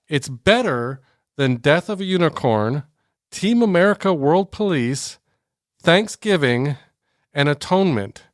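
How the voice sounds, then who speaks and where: A man co-hosting a casual movie podcast in a relaxed, joking way. His voice sits a little higher than most men's and is recorded dry and close, with no room sound. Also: a little slow, dry recording. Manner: joking, wraps up with a ranking. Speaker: podcast co-host.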